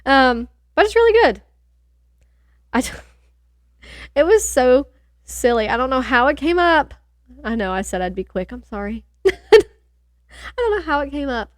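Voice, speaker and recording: A woman's voice: high-pitched, big pitch swings, a little slow, long pauses, dry recording, studio quality. A young woman co-hosting a podcast, chatting casually and rambling, laughing often. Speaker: podcast co-host. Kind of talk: casual chat.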